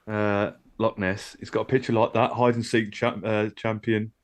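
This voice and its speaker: Man, low voice, casual co-host, rambling, hesitant, swears. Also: flat delivery, normal speed. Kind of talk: casual chat.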